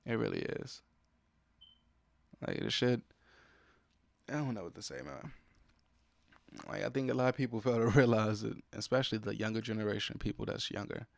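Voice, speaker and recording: A man's voice: lowish voice, moderate pace, gravelly, pauses often, no echo. A young man, hosting a solo podcast and venting in an irritated, profane way about what upsets him. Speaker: podcast host. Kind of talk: solo casual podcast monologue. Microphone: close podcast mic.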